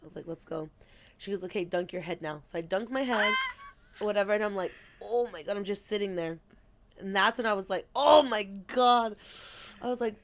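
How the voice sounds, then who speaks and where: A young woman co-hosting a podcast, telling an animated story in casual chat, acting out quoted lines and swearing freely. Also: medium pitch. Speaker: podcast co-host.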